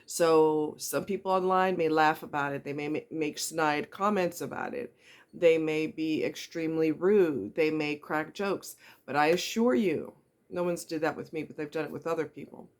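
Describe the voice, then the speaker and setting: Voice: medium pitch, moderate pace. Earnest, blunt middle-aged speaker. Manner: earnest and blunt, with emphatic rhetorical questions. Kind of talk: candid personal monologue.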